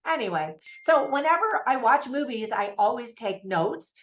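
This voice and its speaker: A woman's voice: fairly high pitch, animated, normal speed, fairly bright tone, muffled recording. An American woman giving a casual, chatty spoken movie review, talking to the viewer with lots of asides. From United States. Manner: chatty and conversational, with frequent fillers and asides.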